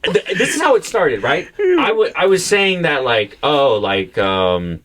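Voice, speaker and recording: A young man hosting a comedy podcast, his speech swinging widely in pitch. He pitches a little high for a man and is loose and profane. He acts out every quoted voice as he tells a story. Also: big pitch swings, measured pace, fairly bright tone, a little hiss or hum. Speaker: podcast co-host.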